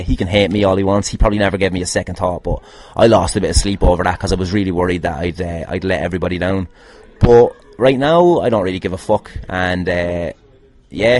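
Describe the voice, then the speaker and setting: A somewhat low-voiced man talks through listener questions in a loose podcast monologue. He swears freely, mocks himself and breaks into laughing asides. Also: a little mellow. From Ireland.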